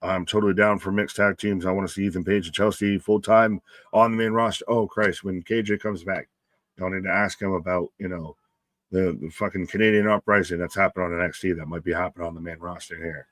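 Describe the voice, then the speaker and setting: A man's voice: low voice, level tone, a little fast, a bit bright, no echo. A man hosting a casual live stream, calling the match play by play and reading chat comments aloud, loose and profane and often laughing.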